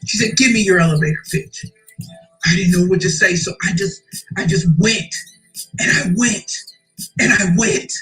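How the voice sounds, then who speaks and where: Give me a forceful, preacherly woman speaker at a live event who repeats her punchlines for effect. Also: medium pitch, fairly even intonation, moderate pace, soft background music, low-quality recording. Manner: emphatic, preacherly, repeats key phrases, addresses crowd as y'all. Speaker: motivational speaker. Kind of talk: motivational keynote storytelling.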